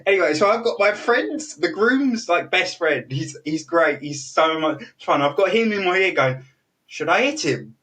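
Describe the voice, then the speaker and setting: A young British man with a fairly high voice spins a rambling anecdote, stuffed with fillers and quoted voices. He laughs his way through it. He sits a little back from the microphone. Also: animated, moderate pace, few pauses, fairly bright tone. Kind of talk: casual anecdote telling. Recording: voice a bit distant from the mic.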